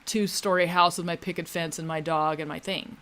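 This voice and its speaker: A speaker on a church conference panel, talking earnestly and warmly affirming what the others say. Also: mid-range voice, flat delivery, fairly quick. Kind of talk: casual conversation.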